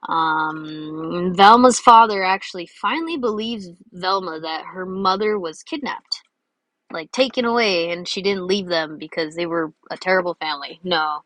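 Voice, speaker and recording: A woman's voice: lowish voice, moderate pace, a bit bright, no echo. A woman giving casual, rambling, giggly commentary while she draws. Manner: rambling and giggly, many fillers. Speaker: drawing video creator.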